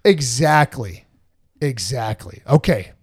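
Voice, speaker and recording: A male podcast co-host with a mid-range, slightly rough voice takes his time speaking. In a casual spiritual chat, he tells stories animatedly and impersonates other people.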